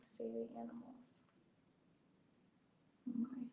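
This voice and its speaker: A woman reading a picture book aloud as a storyteller, with gentle, deliberate delivery. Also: a little high, level tone, gravelly. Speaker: librarian storyteller. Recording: roomy echo.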